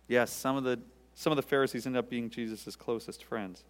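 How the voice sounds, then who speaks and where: A male pastor preaching a sermon, swelling loud and high for emphasis, then dropping to quiet, intimate asides. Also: steady tone, a little fast, smooth. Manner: dynamic preaching, sudden rises in pitch and volume, dropping to quiet asides. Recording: long hall reverb.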